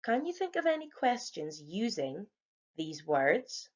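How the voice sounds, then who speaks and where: Young teacher lady, clear and patient, explaining stuff to little kids. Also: medium pitch, very animated, a little slow, muffled recording. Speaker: primary school teacher. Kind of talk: home learning grammar lesson for young children.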